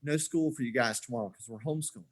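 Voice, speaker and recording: A man's voice: medium pitch, very fast. A man in his forties, a podcast guest, telling stories in a casual chat and acting out the dialogue as he goes. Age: 40s. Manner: animated storyteller who acts out quoted dialogue.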